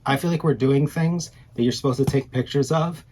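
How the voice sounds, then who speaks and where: A man's voice: medium pitch, a little fast, darkish tone. A man in his thirties co-hosting a casual podcast, rambling and self-deprecating, often trailing off mid-sentence. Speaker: podcast co-host. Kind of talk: casual chat.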